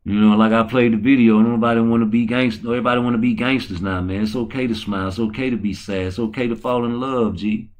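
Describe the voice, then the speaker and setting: A man hosting a show in slangy, casual chat, talking low and quick and crooning slow love songs in a higher voice. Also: steady tone. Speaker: show host.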